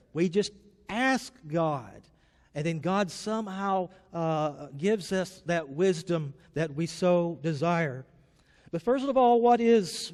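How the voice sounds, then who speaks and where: High-voiced pastor preaching in a chapel. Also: male voice, big-room sound. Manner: storytelling, conversational. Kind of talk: sermon.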